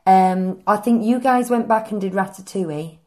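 A woman's voice: medium pitch, normal speed, dark tone. A woman co-hosting a podcast, telling stories in a chatty, enthusiastic way. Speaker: podcast co-host. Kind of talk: casual chat.

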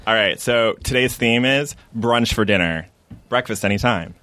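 A man's voice: medium pitch, normal speed, bright, forceful tone. A man explaining the dishes he cooked, casual, with lots of ums. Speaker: guest chef. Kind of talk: casual chat.

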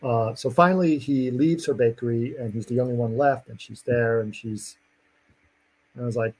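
A man's voice: medium pitch, fairly even intonation, normal speed, darkish tone, husky, low-quality recording. A man in casual chat, rambling through a movie plot with lots of fillers and acted-out lines. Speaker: podcast co-host recapping a movie.

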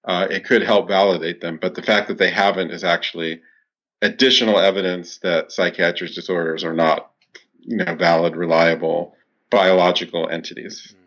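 A man's voice: low voice, steady tone, normal speed, a bit bright. A man answering interview questions as a clinical psychologist, explaining at length with many fillers and restarts. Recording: dull lo-fi sound.

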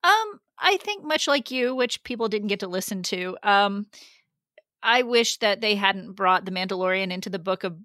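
A woman's voice: medium pitch, expressive, moderate pace, sharp tone, no echo, clean studio sound. A woman hosting a geeky podcast, playful and giggly in casual chat, humming silly sound effects. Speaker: podcast host.

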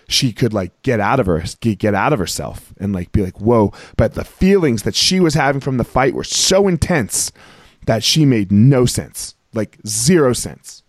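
Male host, excitable storyteller, rambling with many fillers, dry close sound. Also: lowish voice, no echo. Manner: rambling, heavy on filler words and restarts; excitable, emphatic. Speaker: podcast host. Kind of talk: casual storytelling chat.

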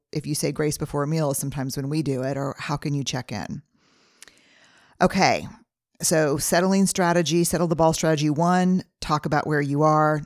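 A woman's voice: sits low, dry recording, clean studio sound. A middle-aged woman hosting her own podcast, talking earnestly through numbered advice in a solo monologue. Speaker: podcast host.

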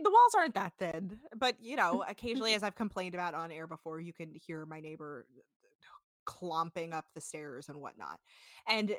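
Bright, lively woman telling a story. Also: mid-range voice, no echo, clean studio sound. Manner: animated, laughing, swearing storyteller. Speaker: podcast co-host. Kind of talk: casual chat recapping a reality show. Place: apartment home.

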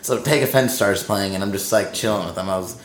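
Man, band member, casual chat, rambling storyteller, swears a lot, low voice, roomy sound. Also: fast talker. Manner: rambling storyteller, heavy swearing, acts out quotes. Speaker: band member telling tour stories.

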